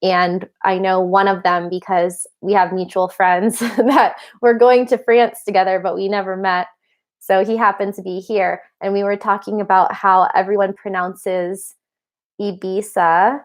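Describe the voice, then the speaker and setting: A woman in her thirties hosting a casual livestream and answering viewers' questions. She rambles through chatty asides, laughs often and sounds a little tired. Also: medium pitch. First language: English. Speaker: livestream host.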